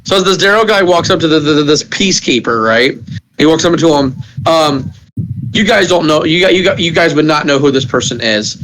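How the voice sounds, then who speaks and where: A man's voice: a little high, expressive, fairly bright tone, a little hiss or hum, low-quality recording. A man narrating a tabletop game as game master, describing scenes in a rambling way full of fillers and restarts. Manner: rambling, halting with many fillers.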